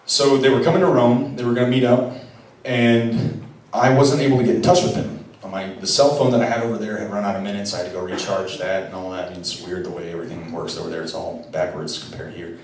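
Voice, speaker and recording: A man's voice: fairly low pitch, fairly even intonation, fast talker, slight background noise. A young man giving a conversational homily, telling a personal story with casual, wry asides and frequent restarts. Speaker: preacher. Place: large echoey church. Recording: echoey church from far off.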